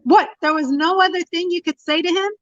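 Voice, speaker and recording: Over a dull, lo-fi phone line, a very high-pitched woman calls a talk show and talks briskly in a steady tone without echo. Her impassioned delivery is preachy, and she keeps restating her points.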